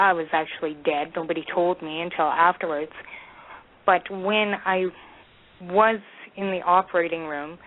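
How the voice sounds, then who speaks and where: Canadian woman calling in over a phone line. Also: fairly low pitch. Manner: chatty, laughs between phrases. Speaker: caller. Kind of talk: telling a personal story on a call-in show.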